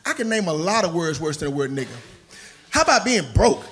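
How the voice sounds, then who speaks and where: A male stand-up comedian performing a set with an animated, punchy delivery. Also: fairly high pitch, a little fast, a little hiss or hum.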